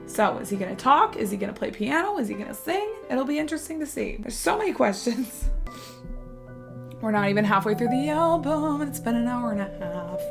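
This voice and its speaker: A woman talking casually and excitedly to her viewers while reacting to an album. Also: a little high, brisk, gravelly. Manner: chatty and excitable, talks to viewers directly. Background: faint music playing.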